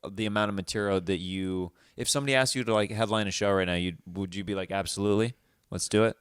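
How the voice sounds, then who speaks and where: A man hosting a podcast, chatting casually in an animated, joking way. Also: deep voice, fast talker, clean tone, dry recording, clean studio sound. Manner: animated, joking, with many restarts. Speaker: podcast host. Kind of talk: casual chat.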